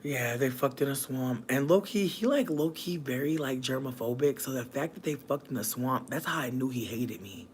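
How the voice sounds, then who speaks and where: A streamer high on weed gummies, rambling and swearing through casual late-night livestream chat, breaking into shrieking laughter. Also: moderate pace, few pauses, a little hiss or hum.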